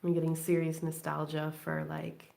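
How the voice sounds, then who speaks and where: A woman's voice: low voice, completely flat delivery, moderate pace, creaky, darkish tone. A woman hosting a late-night crafting live stream from home, rambling and chatty and laughing often. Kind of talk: late-night casual chat while crafting. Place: at home indoors.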